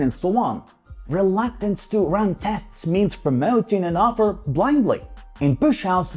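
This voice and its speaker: A man reading a scripted promotional voice-over for an ad network in a lively, emphatic delivery. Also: sits high.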